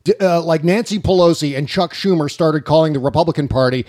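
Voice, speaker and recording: A man's voice: a little high, fast, darkish tone, dry recording, studio quality. A man hosting a political podcast, ranting with indignation and swearing freely. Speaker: podcast host. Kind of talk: political talk show banter.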